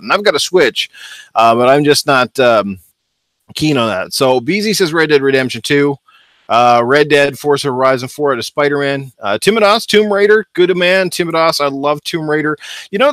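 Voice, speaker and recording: Man, gaming stream host, casual and upbeat, mid-pitched, dry close sound. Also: fairly bright tone, no echo. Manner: chatty, upbeat, greets viewers. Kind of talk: casual livestream chat.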